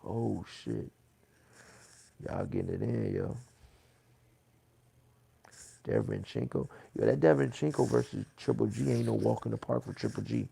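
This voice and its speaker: A man hosting a boxing livestream, reading chat comments aloud in a loose, swearing, casual way that turns loud when he gets riled. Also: on the low side, huge pitch swings, normal speed, gravelly, pauses often, husky. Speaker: boxing channel host reading live chat.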